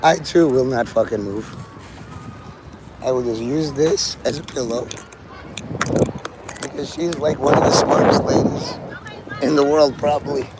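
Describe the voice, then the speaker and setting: Outdoors in a city plaza ringed by tall buildings, a man livestreams in a loose, joking way, cursing casually and chatting with birds and viewers. He speaks at medium pitch with a measured pace and long pauses; his phone captures the surrounding street noise.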